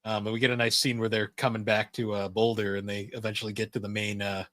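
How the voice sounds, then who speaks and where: A man with a lowish voice co-hosts a podcast in loose, relaxed chat. He rambles through plenty of fillers and laughs often, and the recording sounds dry and close. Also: fast, no room sound. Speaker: podcast co-host. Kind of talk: casual chat.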